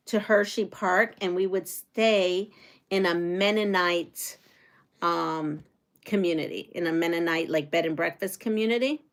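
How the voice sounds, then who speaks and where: A middle-aged woman hosting a casual quilting livestream, chatty and rambling as she talks with her viewers. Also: lowish voice. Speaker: quilting channel host.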